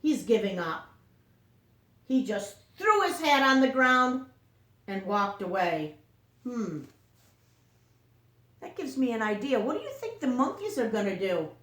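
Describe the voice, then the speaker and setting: A woman teacher reading a picture book aloud to children, slowly, often stopping to ask them questions. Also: a little high, very animated, a bit bright, echoey room. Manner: slow, questioning storytime delivery.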